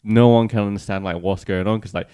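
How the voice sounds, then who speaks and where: A man with a lowish voice riffs through a relaxed podcast chat at a dining table. He talks in animated bursts, swears freely and leans hard on filler words, and the sound is dry and close. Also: fast, smooth, no echo. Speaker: podcast co-host. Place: dining room.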